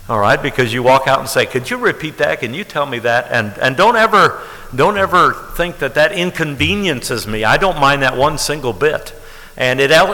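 A man preaching a sermon in a conversational way, slowing down to stress the words when he reads scripture. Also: mid-range voice, sharp tone. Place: church sanctuary. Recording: long hall reverb.

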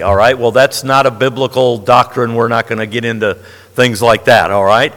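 A man's voice: medium pitch, fairly even intonation, moderate pace, a bit bright, in a large hall. A man preaching a sermon to a congregation, emphatic and folksy, often asking "all right?". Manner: emphatic, frequent "all right?" check-ins.

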